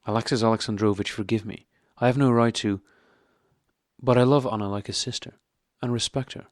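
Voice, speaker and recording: A man's voice: medium pitch, fairly even intonation, fairly quick, no echo, close to an everyday voice. A male reader doing an anxious, pleading wife from a classic novel, storybook reading, dry close sound. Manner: pleading, emotional. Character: distressed loyal middle-aged wife.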